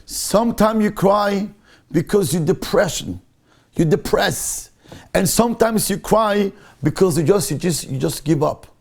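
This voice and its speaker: High-voiced rabbi, gravelly. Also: male voice, a little slow, a little mellow. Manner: emphatic, repetitive, mixes Hebrew into English. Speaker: rabbi teaching a Torah class. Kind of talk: Torah lecture.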